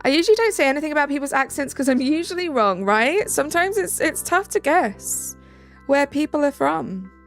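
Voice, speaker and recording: Chatty British woman, gravelly edge. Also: high-pitched, animated, brisk. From Britain. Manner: chatty, reads out and answers chat, thanks viewers. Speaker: live-stream host. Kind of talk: casual live-stream chat. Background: faint background music.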